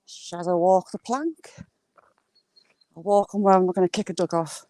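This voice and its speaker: A woman chatting casually on a walk by the water, filming on a handheld phone and cooing at ducks in a high sing-song voice. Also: normal speed, dark tone, no echo. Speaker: vlogger. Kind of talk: casual walking vlog. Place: outdoors by water.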